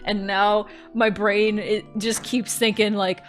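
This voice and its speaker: A woman's voice: medium pitch, level tone, slow, faint music behind. A woman streamer with a mid-range voice chats casually while playing a game. She rambles, giggles often and swears freely.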